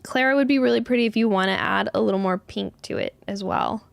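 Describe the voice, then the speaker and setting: A woman hosting a live stream, hoarse as her lost voice slowly returns, who giggles often and clears her throat now and then while chatting casually with viewers. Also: medium pitch, no echo. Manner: giggly, breaks into laughter often. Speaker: yarn shop live stream host.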